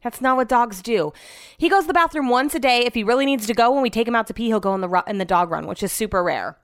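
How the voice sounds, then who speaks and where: A fast talker with a slightly high voice, this young adult woman hosts a casual podcast from an upstairs room at home, freely cursing as she rambles through stories about daily life.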